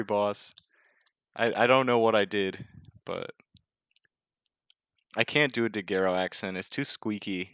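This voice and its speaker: Relaxed, joking young male game caster. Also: on the low side, measured pace, pauses often, clear, resonant tone, no room sound, dull audio. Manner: casual, joking, self-deprecating, with many fillers. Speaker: esports caster. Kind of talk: live game commentary.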